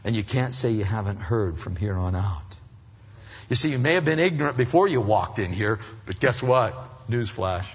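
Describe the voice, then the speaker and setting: Husky preacher in a reverberant hall. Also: male voice, lowish voice, expressive, normal speed. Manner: emphatic, swinging from loud rising appeals to hushed earnestness. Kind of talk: sermon. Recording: dull recording in a reverberant hall.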